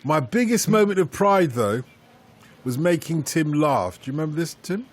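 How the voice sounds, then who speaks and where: A man's voice: fairly high pitch, expressive, normal speed. A man hosting a radio football phone-in, reading out listener emails and coaxing his pundits with teasing banter.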